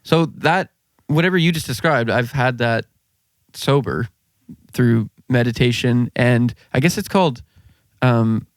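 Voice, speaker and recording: A man's voice: medium pitch, a little slow, no echo. Male podcast co-host, rambling casual talker, dry close mic. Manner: rambling, searching for words. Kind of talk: casual chat.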